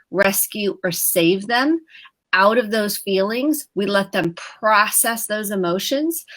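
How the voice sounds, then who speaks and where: A woman therapist giving gentle, explanatory parenting advice on a live talk show, sometimes acting out quoted dialogue. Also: medium pitch. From United States.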